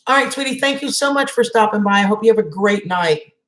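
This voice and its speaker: A woman hosts a relaxed live stream and chats easily with viewers, calling out their names as she goes. Her voice sits in the middle of the range, and the room around it is echoey. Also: medium pitch, fast talker. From Southern United States. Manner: chatty, greets viewers by name, laughs often. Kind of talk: casual chat with live chat viewers.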